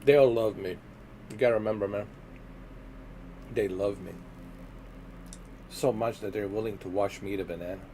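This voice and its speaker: A man chatting casually on a gaming livestream, rambling and laid-back, often trailing off quietly. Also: fairly low pitch, steady tone, moderate pace, pauses often, a little hiss or hum. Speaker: livestreaming gamer.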